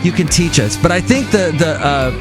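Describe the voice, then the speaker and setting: Podcast host, man, slightly high voice, stammers and restarts. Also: lively intonation, moderate pace, music in the background. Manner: stammering, repeats words. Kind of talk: casual interview chat.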